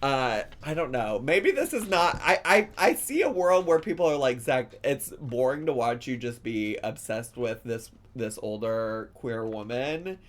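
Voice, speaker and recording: A man talking to his audience in a loose, emotional reaction commentary. He swears freely and his pitch moves in lively swings. His talk is casual and chatty. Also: unhurried, few pauses. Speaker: YouTube host reacting to a video.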